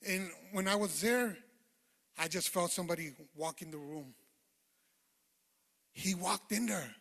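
A man giving his testimony as a sermon, earnest, dropping quiet and then rising loud. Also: high voice, measured pace, long pauses. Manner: earnest, swings from hushed to loud. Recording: long hall reverb.

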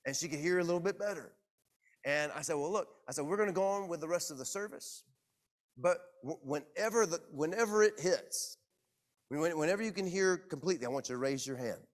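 Animated pastor telling a story. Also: male voice, on the high side, fairly quick. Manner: animated, self-deprecating storyteller. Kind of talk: sermon storytelling. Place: church.

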